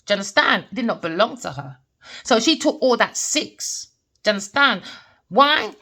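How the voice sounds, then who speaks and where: A woman's voice: a little high, expressive, moderate pace, pushed and bright. A woman giving a tarot reading in an unscripted monologue, speaking bluntly and emphatically, swearing, and asking herself rhetorical questions. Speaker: tarot reader.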